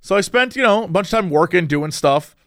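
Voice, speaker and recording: A man hosting a casual chat, telling a story with lively, acted-out quotes and big pitch jumps. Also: a little fast, no echo, studio quality. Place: Los Angeles.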